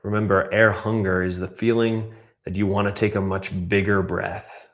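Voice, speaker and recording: A man coaching a guided breathwork class, calmly cueing breaths and counting down holds. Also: lowish voice, normal speed. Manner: calm, counts down and cues breaths.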